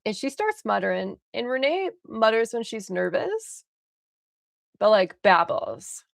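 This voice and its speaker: Gravelly young woman streamer, chatty. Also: mid-range voice, measured pace, no room sound, clean studio sound. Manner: animated, laughs often, swears freely. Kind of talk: casual storytelling on a livestream.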